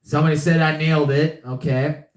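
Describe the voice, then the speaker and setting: On this live podcast stream, the young male host talks fairly quickly in a flat, slightly high voice. The room is reverberant, and his casual chat often circles back to the same points.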